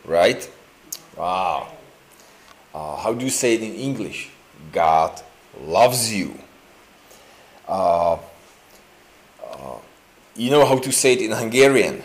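Slow, chatty pastor with a lively voice. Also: male voice, fairly low pitch. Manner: chatty and joking, with many fillers and slow restarts. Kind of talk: informal sermon. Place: church sanctuary indoors.

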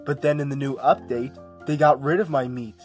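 A man's voice: mid-range voice, steady tone, normal speed, darkish tone, faint music behind, lightly acted. A man voicing a goofy, food-obsessed blocky game hero who rambles and turns whiny when upset. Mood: boastful. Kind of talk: homemade comedy sketch voice acting.

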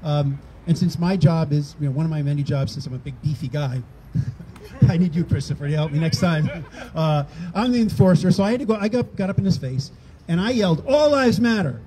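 Older man with a dark, mellow voice. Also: on the high side, a little fast, slight background noise, low-quality recording. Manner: conversational, acts out quoted exchanges. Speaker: rally organizer speaking at a public event. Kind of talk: outdoor rally speech. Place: outdoors on a town green.

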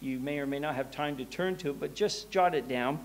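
A man's voice: fairly high pitch, a little fast. Man preaching a casual, chatty sermon. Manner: conversational preaching, repeats words when restarting. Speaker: pastor. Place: church.

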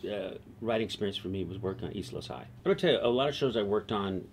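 A middle-aged man, a TV writer being interviewed, telling stories in a lively, conversational way and laughing easily. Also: fairly low pitch, quick pace, slight background noise. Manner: animated, laughs easily, slips into quoted voices. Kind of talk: conversational storytelling.

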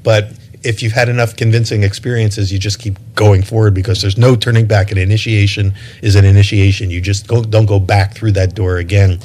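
Speaking at length as an interview guest, a man with a rather low voice reflects thoughtfully but haltingly. He keeps repeating words and starting sentences over as he sorts out his thoughts, and his tone is steady and somewhat dark.

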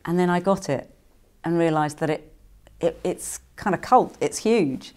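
A middle-aged woman from England with a low-pitched voice answers fan questions in a relaxed, conversational way. She is chatty and playful and jumps up into brighter pitches when she quotes other people. She speaks as a stage actress and singer would. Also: measured pace. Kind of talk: casual interview answers.

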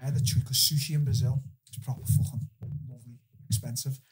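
A young man, a podcast guest, telling animated, profane stories in casual chat and laughing through them. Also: mid-range voice, quick pace, slightly rough.

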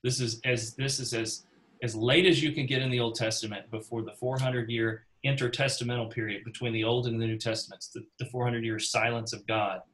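A man's voice: mid-range voice, fairly bright tone, low-quality recording. A man teaching a Bible class in a conversational way, calling on class members and acting out quotes in character voices.

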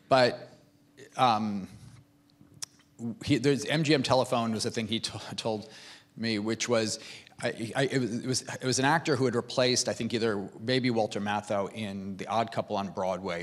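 A filmmaker talking on a conference panel, a man who speaks haltingly, with many false starts and repeated words. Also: lowish voice, fairly bright tone. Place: conference stage.

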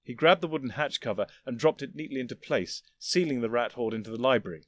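A man reading fan fiction aloud as narrator, measured and dramatic. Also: medium pitch, animated, dry recording, clean studio sound.

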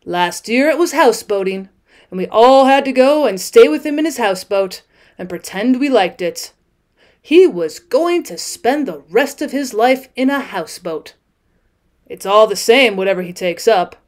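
A woman voicing a cheery, hearty male water rat in a storybook reading, with brisk, loud calls. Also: fairly high pitch, lively intonation, lightly acted.

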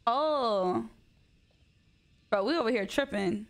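High, animated woman streamer. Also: takes it slowly. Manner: animated, exclamatory, argues and swears freely. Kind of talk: casual game commentary.

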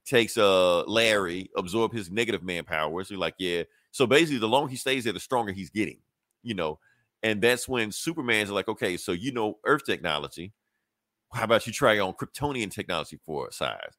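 A man's voice: fairly low pitch, lively intonation, a little fast, a bit bright, no echo, clean studio sound. A man co-hosting a podcast, retelling a comic plot in loose, slangy chat and quoting the characters. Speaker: podcast co-host. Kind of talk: casual comic recap.

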